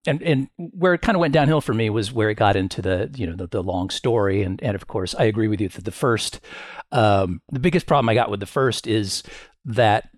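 A man co-hosting a casual podcast chat, giving measured, hedged opinions. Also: fairly low pitch, no room sound, clean studio sound. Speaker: podcast co-host.

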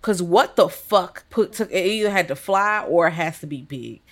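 A woman's voice: lowish voice, lively intonation, normal speed. Blunt, profane woman podcast host. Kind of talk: casual film review chat.

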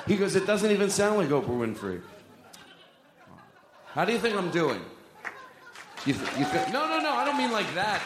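With heavy background noise behind him, a man performs a live stand-up set at a comedy club. He has a fairly high-pitched voice and rambles, swears, and jokes self-mockingly with the crowd, while the echoey hall adds long reverb.

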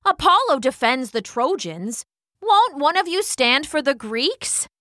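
A woman voicing a proud, determined Greek king who speaks forcefully and insistently. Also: very high voice, big pitch swings, unhurried, no echo, studio quality, voice pushed up, exaggerated voice.

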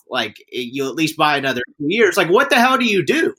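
A man with a high, bright voice co-hosts a casual sports podcast. His pitch swings widely as he fires off pointed questions. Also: fairly quick, few pauses, husky. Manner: lively, asks pointed questions. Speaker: podcast co-host.

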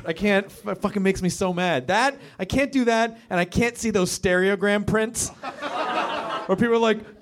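High-voiced male comedy show host. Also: normal speed. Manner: rambling, with bursts of exasperated shouting. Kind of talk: live stand-up hosting. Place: comedy club stage with audience.

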